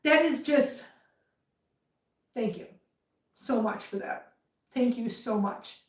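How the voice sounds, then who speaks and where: A woman's voice: a little high, slow, recorded from a distance. Chatty woman venting off-mic. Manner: chatty, rambling, heated venting. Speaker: livestream host. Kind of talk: casual live chat while cleaning. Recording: roomy, from off-mic.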